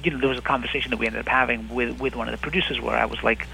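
A man's voice: medium pitch, fairly even intonation, very fast, gravelly, sharp tone, a little hiss or hum, poor audio. A man in his thirties, an actor, talking reflectively in an interview and often restarting his sentences as he thinks. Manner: thoughtful, many restarts and hedging fillers. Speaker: actor and writer, interview guest.

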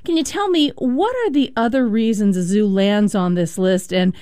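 A woman's voice: medium pitch, moderate pace, mellow, smooth, no echo, clean studio sound. A woman hosting a radio interview, asking questions in an engaged, conversational way. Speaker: radio host.

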